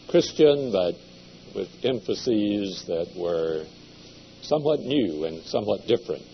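A man giving a seminary lecture in a measured, deliberate way, with occasional hesitations. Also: sits low. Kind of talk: classroom lecture. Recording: dull lo-fi lecture recording with faint hum.

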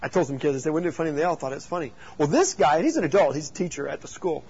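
A man, a youth pastor, teaching youth leaders through animated, joking stories and rhetorical questions. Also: on the high side, racing, husky, highs cut off.

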